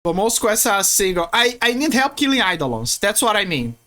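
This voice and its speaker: A woman's voice: medium pitch, big pitch swings, a little fast, pushed and bright. A woman from Brazil, chatting casually and playfully with viewers while streaming a game, often restarting her sentences. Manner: rambling, playful, many restarts.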